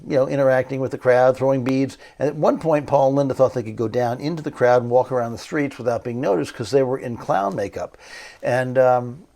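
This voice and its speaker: A male photographer telling stories in an interview, animated, acting out what others said. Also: medium pitch. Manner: animated anecdotal storytelling, acts out quoted voices. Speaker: photographer guest. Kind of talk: storytelling interview.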